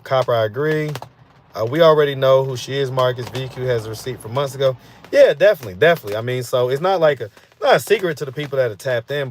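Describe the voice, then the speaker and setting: Over slight background noise, a mid-range male voice belongs to a street interview channel host. Live-streaming, he reads viewers' comments in a loose, rambling chat full of fillers like "you know what I'm saying."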